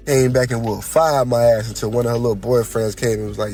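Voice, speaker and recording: A man's voice: mid-range voice, fast talker, few pauses, darkish tone, soft background music. A man telling a blunt, heartfelt story from his own childhood, his voice congested. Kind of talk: personal storytelling.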